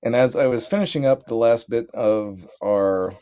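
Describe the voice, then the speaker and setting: A man in casual chat, laying out a measured, reasoned argument. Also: mid-range voice, mellow, clear, resonant tone. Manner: measured, reasoned, argues a point. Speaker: podcast co-host.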